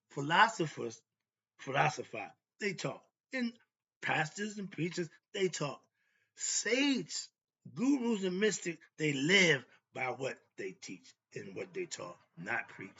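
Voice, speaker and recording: A man's voice: mid-range voice, bright, forceful tone, slight background noise. An older man giving an emphatic, repetitive spoken monologue as a self-styled spiritual teacher, often asking himself "why?". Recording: dull lo-fi recording.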